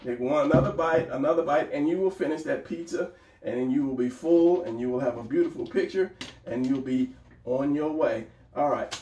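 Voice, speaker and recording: An art teacher with a slightly high, darkish voice gives a casual drawing lesson, talking as he sketches, encouraging and repeating phrases. A camera mic some distance away captures him, so the sound is roomy and distant.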